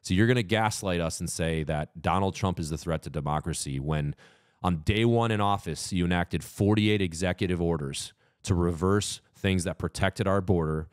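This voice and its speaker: A man co-hosting a podcast, talking politics in a heated, profane way that climbs into loud mock rants. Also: deep voice, moderate pace, dry recording, studio quality. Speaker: podcast co-host. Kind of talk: casual political chat.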